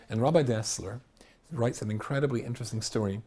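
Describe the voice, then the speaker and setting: Speaking fast at a medium pitch, this Scottish rabbi gives an animated storytelling lecture. He mixes loud exclamations with quiet asides.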